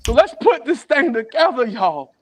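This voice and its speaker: A man performing spoken word poetry at a virtual open mic, full of playful wordplay and swinging from low murmurs to raised shouts. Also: very animated, normal speed. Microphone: video call.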